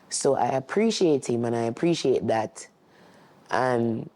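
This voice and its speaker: A man speaks as a sign language interpreter, voicing a deaf guest's words in the first person. His voice is mellow and warm. He talks in an earnest, steady, reflective way, at a medium pitch.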